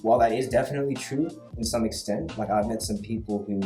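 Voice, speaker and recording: A young man with an Australian accent, from Western Sydney, chatting casually with his old teacher and telling stories with lively acted-out dialogue. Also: fairly low pitch, fast. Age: young adult. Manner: animated storyteller, acts out dialogue. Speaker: former student, guest. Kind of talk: casual chat. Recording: echoey room with faint music.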